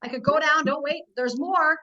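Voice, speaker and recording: High bright woman presenting over a video call. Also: moderate pace, muffled recording. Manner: emphatic, talks to the audience directly with frequent "right?" and "guys". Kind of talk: animated sales presentation.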